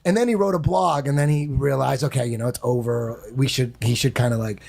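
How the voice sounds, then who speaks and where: A man casually telling an animated, profane story on a podcast, acting out voices and sounds. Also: mid-range voice, a little fast, vocal fry. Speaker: guest storyteller.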